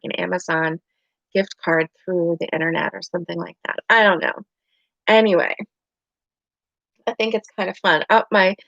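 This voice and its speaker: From her home bedroom, a woman hosts a casual livestream in a medium-pitched, fairly bright voice, chatting, rambling and laughing often. The recording has no room sound and a dry, dull lo-fi quality.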